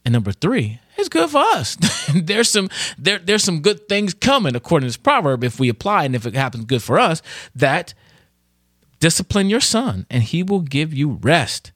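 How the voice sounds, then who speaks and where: Middle-aged male devotional speaker, earnest and conversational, lively pitch, dry room. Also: moderate pace, no room sound. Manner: earnest and conversational, acts out kids' voices. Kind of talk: informal devotional teaching.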